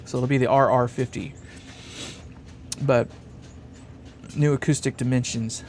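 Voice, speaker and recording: A man's voice: mid-range voice, flat delivery, measured pace, a little mellow, a little hiss or hum. Rambling man on a live stream. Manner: rambling, thinking aloud, chuckling often. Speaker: live-stream host building a guitar amp. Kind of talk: casual live-stream chat, reading comments. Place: workshop bench.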